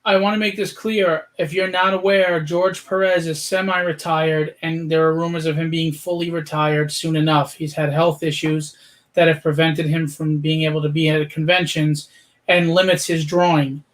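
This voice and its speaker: A man hosting an online charity art auction, talking in an energetic, persuasive way with frequent fillers. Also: a little high, moderate pace. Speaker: auction host. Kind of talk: charity livestream pitch.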